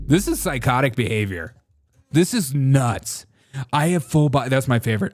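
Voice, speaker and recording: A man's voice: medium pitch, big pitch swings, normal speed, no room sound. Sarcastic, laughing male show host. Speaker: political comedy show host. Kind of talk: sarcastic live-show commentary.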